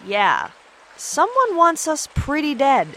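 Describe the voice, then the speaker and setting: A woman playing a sharp-tongued adventurer in a comedy audio drama, with a dry, sardonic delivery. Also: high-pitched, huge pitch swings, takes it slowly, a little hiss or hum, heavily acted. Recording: music in the background.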